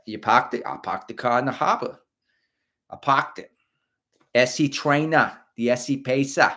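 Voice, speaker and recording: A man's voice: medium pitch, normal speed, bright, forceful tone, lightly acted. A man doing a broad Boston local. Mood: playful. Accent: Boston, put on. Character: male Boston local talking about cars.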